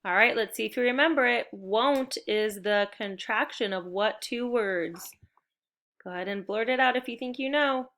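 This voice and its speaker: A woman teacher leading a spelling lesson for young children, upbeat and encouraging as she gives clear step-by-step directions. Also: fairly high pitch, moderate pace, a bit bright.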